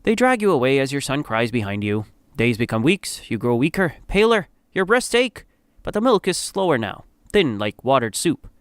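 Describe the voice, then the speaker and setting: A man's voice: mid-range voice, big pitch swings, moderate pace, clear, resonant tone, no echo, clean studio sound. A man narrating a dramatic story in the second person, in a grave, somber manner.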